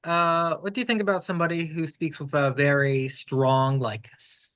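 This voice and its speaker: A man interviewing, asking questions haltingly while searching for words. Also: a little high, fairly even intonation, fairly bright tone. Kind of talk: casual conversation.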